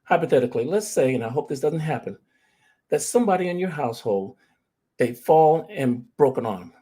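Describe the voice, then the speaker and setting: A man's voice: on the high side, expressive, a little fast, dark tone, breathy edge. A middle-aged man, a grief recovery specialist, telling personal stories in an earnest motivational talk. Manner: earnest storytelling, addresses audience directly.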